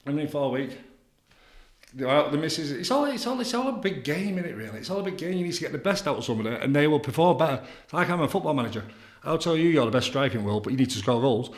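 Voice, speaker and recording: A man's voice: on the high side, expressive, fast. A man, an addiction counsellor, talking bluntly and boastfully in a podcast chat, swearing freely. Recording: echoey room.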